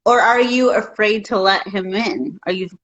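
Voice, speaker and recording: A woman guest who works as a life coach, talking in a calm, reassuring, counseling way. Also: mid-range voice, moderate pace, dull audio. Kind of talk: casual chat.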